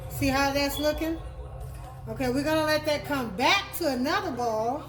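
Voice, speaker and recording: A Texas woman with a high-pitched voice chats at a moderate pace while demonstrating home cooking in her kitchen, music playing behind her on a rough recording. This cooking vlogger keeps it homey and talkative, repeating words as she explains.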